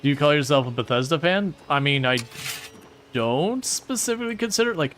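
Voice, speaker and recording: A man chatting casually with viewers while streaming a game, sarcastic and animated. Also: a little high, a little fast. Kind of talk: casual gaming livestream chat.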